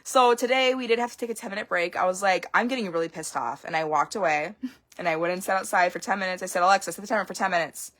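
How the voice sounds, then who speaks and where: A woman's voice: mid-range voice, very fast, a bit bright. A young woman, a homeschooling parent, talking casually in a vlog and rambling frankly with lots of fillers.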